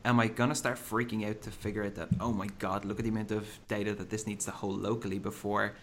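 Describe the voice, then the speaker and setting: A man's voice: on the low side, level tone, fast, a little hiss or hum. A man hosting a conversation, asking questions and often tagging them with "right?". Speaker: host. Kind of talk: conversational interviewing.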